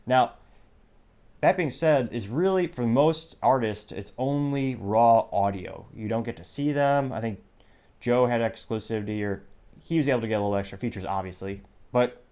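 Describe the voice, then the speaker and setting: A man hosting a commentary podcast, riffing on the news in a mid-pitched voice. He drifts into sarcastic asides and restarts his sentences as he goes. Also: a little mellow. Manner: sarcastic, self-interrupting, digressive. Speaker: podcast host. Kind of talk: casual commentary monologue.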